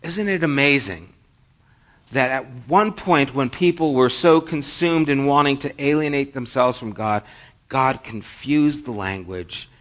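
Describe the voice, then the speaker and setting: A man's voice: mid-range voice, a little slow. An American man preaching a sermon in a conversational way, reading scripture aloud and telling funny stories. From United States. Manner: conversational, reads scripture and tells jokes. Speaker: pastor. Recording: dull lo-fi recording.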